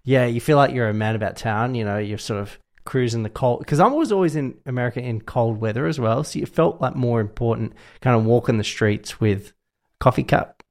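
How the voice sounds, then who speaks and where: A man chatting loosely as a podcast co-host, his voice carrying a gravelly edge. He drifts from point to point in animated, rambling stories. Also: medium pitch, brisk. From Australia. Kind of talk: casual chat.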